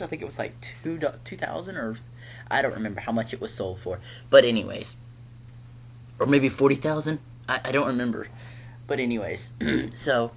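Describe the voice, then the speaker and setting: Guy rambling thru a tv episode recap, chatty, laughs a lot, middle pitch. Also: a little hiss or hum. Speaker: TV episode reviewer.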